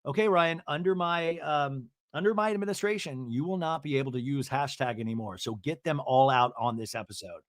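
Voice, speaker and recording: A man hosting a podcast, chatting through a comedic reality TV recap in a gossipy way and slipping into quick mock voices. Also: mid-range voice, no echo, studio quality.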